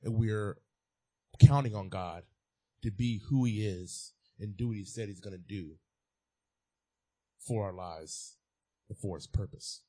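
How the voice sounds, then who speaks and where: A man's voice: lowish voice, a little slow, pauses often, dark tone. A man preaching a sermon as a pastor, repeating key phrases and building to emphatic peaks.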